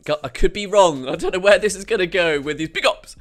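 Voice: medium pitch, fast, soft background music. A host giving comedic news commentary, sarcastic and mocking, reacting to clips.

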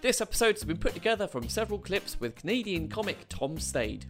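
A man's voice: high voice, big pitch swings, fairly quick, over music. A man hosting a comedy podcast, asking questions hesitantly with many restarts. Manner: hesitant, full of restarts and "kind of". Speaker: podcast host. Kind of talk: casual podcast interview.

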